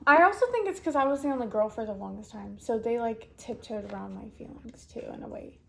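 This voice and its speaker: High-voiced hesitant woman. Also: quick pace, gravelly. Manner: hesitant, trails off into soft mumbles. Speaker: podcast co-host. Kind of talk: casual chat.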